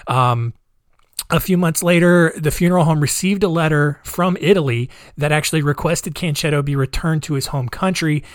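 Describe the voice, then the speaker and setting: A man's voice: a little high, dry recording, clean studio sound. A man hosting a casual storytelling podcast. He rambles, uses lots of fillers and adds sarcastic asides. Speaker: podcast host.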